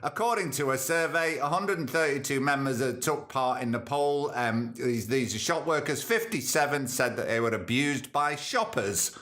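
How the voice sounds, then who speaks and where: A man's voice: mid-range voice, lively intonation, moderate pace, hardly any pauses, a bit bright. A man hosting a comedy podcast, reading news items and ranting about them with sarcasm. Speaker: podcast host. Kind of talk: comic news commentary.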